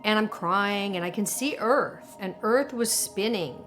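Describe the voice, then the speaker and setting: A woman in a documentary interview, telling a personal story in an animated, emotional way with lots of fillers. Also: mid-range voice, unhurried, faint music behind. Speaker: interviewee recounting alien contact.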